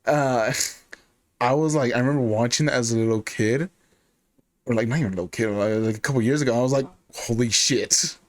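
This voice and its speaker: Male podcast host, mid-pitched, relaxed and chummy, laughs a lot, swears casually. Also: fairly quick, no room sound. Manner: laid-back, laughs often, says dude.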